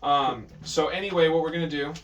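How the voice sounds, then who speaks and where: A man's voice: a little high, fairly quick, a bit bright, muffled recording. A man teaching a private drum lesson, patient but firm, correcting his student and counting out beats. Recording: distant mic with drums in the room.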